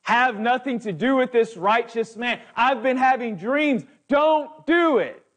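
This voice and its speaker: Man playing an anxious wife with an urgent warning, in a high, slow delivery. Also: a bit bright, exaggerated voice.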